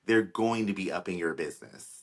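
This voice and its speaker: Brief: low-voiced male co-host, blunt, opinionated, curses freely. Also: lively intonation, fairly quick, a bit bright. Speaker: podcast co-host. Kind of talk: casual chat.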